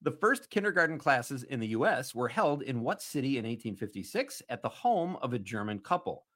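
An upbeat man hosts a casual radio quiz. He reads questions out loud and keeps breaking in with quick, laughing asides. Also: mid-range voice, very animated. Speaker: radio host running a quiz.

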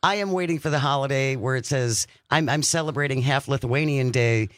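A man's voice: medium pitch, brisk, dry recording, studio quality. A man hosting a radio talk show in casual chat, reading out the phone number and listener messages. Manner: animated, reads out the phone number and listener texts.

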